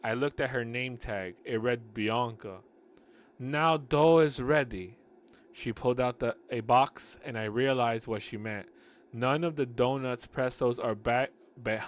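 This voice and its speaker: A man reads a book aloud in a casual, unpolished way, stopping often for sarcastic commentary. His voice is mid-pitched and ordinary. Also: fairly bright tone. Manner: sarcastic asides, frequent restarts. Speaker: audiobook reader and commentator.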